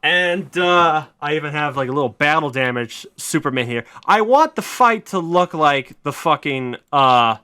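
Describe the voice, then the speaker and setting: A man hosting a podcast, excitedly retelling a story pitch in casual, swearing chat. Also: normal speed, few pauses, clear, resonant tone. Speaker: podcast host.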